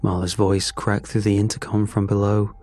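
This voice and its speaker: A man narrating a first-person horror story in a measured, grim way. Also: fairly low pitch, little pitch movement, warm tone, soft background music.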